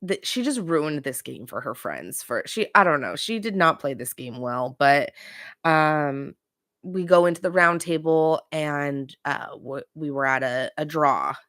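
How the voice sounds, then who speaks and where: A woman's voice: low-pitched, lively intonation, unhurried, fairly bright tone, dry recording, clean studio sound. A woman hosting a pop culture show, giving a casual, opinionated recap straight to her viewers. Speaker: pop culture podcast host.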